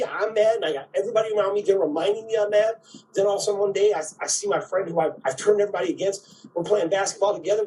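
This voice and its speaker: A man's voice: high voice, darkish tone, far from the mic, slight background noise, rough recording. A man giving a spiritual talk, who keeps checking in with "right?" and acts out quoted voices.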